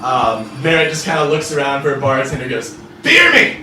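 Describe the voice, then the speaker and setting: A man narrating as game master in a tabletop game, telling it in a casual, relaxed way with frequent fillers, recorded in a roomy space away from the mic with faint music. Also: mid-range voice, fast, recorded from a distance, a little hiss or hum.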